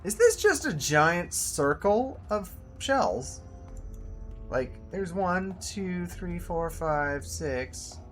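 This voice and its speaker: A man doing relaxed running commentary on his own gameplay, chatting to himself and to the creatures he hunts. His pitch swings widely, rising sharply when he gets excited. Faint game music plays quietly beneath his voice. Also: very slow. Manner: animated, jumps up loud and high when excited. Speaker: gameplay video host.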